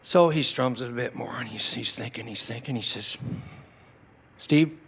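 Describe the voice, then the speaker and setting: At a tribute evening in a small indoor venue, a man in his sixties tells personal stories to an audience, animatedly acting out his relatives' shouted words. His mid-range voice is creaky and husky, and he speaks briskly.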